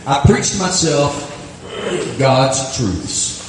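A middle-aged male pastor preaching a storytelling sermon, animated and self-deprecating, acting out his own self-talk. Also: mid-range voice, very slow, noisy background. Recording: echoey hall, mic far from speaker.

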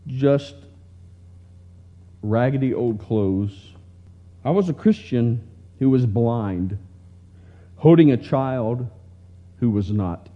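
Male preacher, mid-pitched, unhurried tender storytelling; muffled lo-fi recording. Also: lively intonation. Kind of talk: slow, heartfelt story reading in a sermon. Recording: dull lo-fi recording.

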